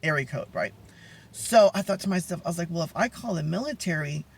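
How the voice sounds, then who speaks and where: A man with a soft, feminine-sounding voice telling a rambling story in a casual vlog chat. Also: on the high side, fairly quick, creaky, slightly rough. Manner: rambling, animated storytelling with many asides. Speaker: vlogger.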